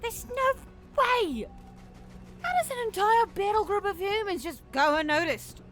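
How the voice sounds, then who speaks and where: A man voicing a gruff, sarcastic female soldier who sounds flat and annoyed. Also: very high voice, measured pace, soft background music, voice pushed up, heavily acted. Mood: irritated.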